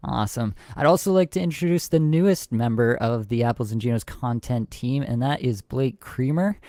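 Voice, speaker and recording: A man's voice: mid-range voice, moderate pace, dry recording. Man hosting a hockey podcast, dry sound. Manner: reads stats in a steady, self-described monotone with many ums. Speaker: podcast host. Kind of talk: casual podcast chat.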